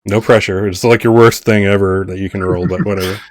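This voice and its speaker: A man's voice: low voice, steady tone, brisk, a little mellow, no echo. Guy running a tabletop game, laughs a lot, dry close sound. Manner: laughs often. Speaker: game master.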